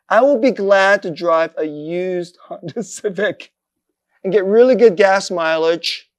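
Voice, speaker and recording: Conversational man preaching a sermon. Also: high voice. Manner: conversational, self-deprecating, chuckles often. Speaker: pastor.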